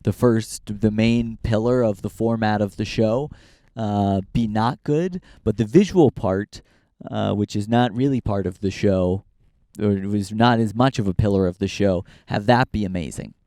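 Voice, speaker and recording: This casual walk-and-talk vlog features a young man from Northern California hosting his podcast on a hiking trail, speaking into a handheld camera in a rambling, profane, self-mocking way. His voice is lowish and warm at a moderate pace. The recording is dry and studio-clean.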